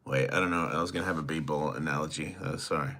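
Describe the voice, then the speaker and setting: A man's voice: very deep voice, fairly even intonation, quick pace, sharp tone. A man with an Australian accent, hosting a solo livestream, reading chat questions and answering in a crude, teasing, rambling way. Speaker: host.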